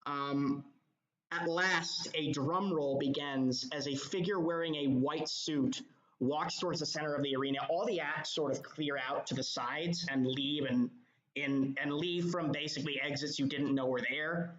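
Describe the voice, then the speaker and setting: Male game master, fairly high voice, loose rambling narration, roomy muffled sound. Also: steady tone, normal speed, a bit bright. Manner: rambling descriptive narration with fillers. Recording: echoey, dull lo-fi.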